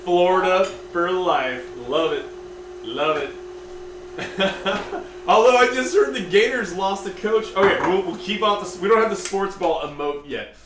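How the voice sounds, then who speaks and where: Man, cooking stream host, casual chat, slightly higher voice, distant mic, echoey kitchen. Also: unhurried, noisy background. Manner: chatty, reads out viewer comments, lots of fillers. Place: home kitchen.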